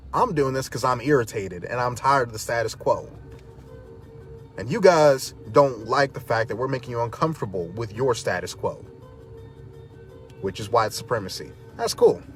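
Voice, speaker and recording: A man speaking as a protest activist, fiery and defiant, hammering points home through repetition. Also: mid-range voice. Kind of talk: impassioned direct-to-camera talk.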